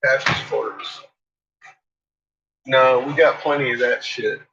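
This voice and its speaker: A man's voice: mid-range voice, level tone, slow, vocal fry, pushed and bright. A man chatting casually while he cooks in his home kitchen, swearing freely and teasing his dogs. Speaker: vlogger. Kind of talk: casual chat while cooking. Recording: echoey, distant, dull, noisy with dogs barking.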